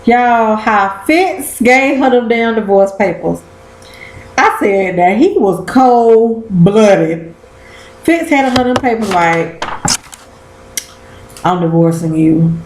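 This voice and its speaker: A woman's voice: a little high, animated, takes it slowly, reverberant, slight background noise, poor audio. A woman chatting casually about a TV episode, slangy and cussing as she acts out quotes. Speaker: vlogger recapping a TV episode. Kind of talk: casual chat.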